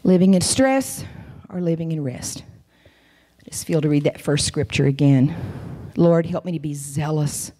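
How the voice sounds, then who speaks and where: A woman preaching a sermon in a church. She tells her story dramatically, dropping to whispers and jumping to high cries. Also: normal speed, warm tone. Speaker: guest preacher.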